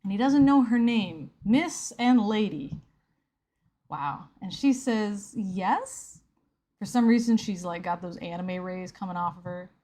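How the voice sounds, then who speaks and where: A woman's voice: medium pitch, normal speed, hardly any pauses, warm tone. A woman hosting a live reaction video, commenting on a comic with sarcastic, incredulous, rambling asides. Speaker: YouTube host.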